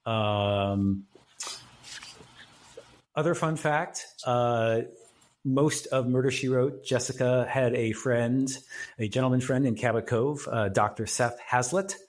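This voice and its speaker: Chatty guy on a podcast, mid pitch, rattling off old tv trivia. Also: slow pace. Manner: chatty, recounting trivia with quoted lines. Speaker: podcast co-host. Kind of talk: casual chat about old TV.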